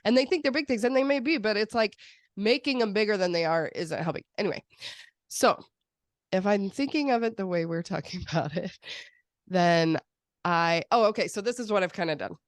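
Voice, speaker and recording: A woman hosting a podcast in casual chat, animated and acting out quoted voices with laughs. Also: medium pitch, a little fast, no room sound, studio quality. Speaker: podcast host.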